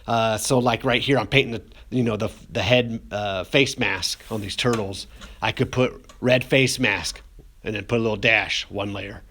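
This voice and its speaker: A man with a lowish, fairly bright voice speaks at normal speed, with slight background noise, while demonstrating glazing for a ceramics class video. He wanders loosely, uses plenty of fillers, and jokingly says he's "getting emotional."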